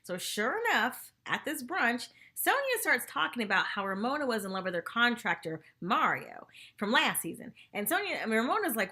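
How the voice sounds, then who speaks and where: Woman, vlogger, gossipy TV recap, chatty, very lively pitch, bright tone. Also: a little fast, few pauses, husky. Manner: animated, chatty, says "y'all" and "like" often. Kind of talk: casual gossipy episode review.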